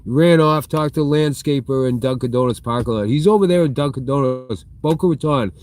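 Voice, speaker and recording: A man's voice: mid-range voice, brisk, darkish tone, dry recording. Middle-aged man rambling through a live-stream story. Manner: chatty, reads and answers viewer chat mid-story. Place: inside a big retail store.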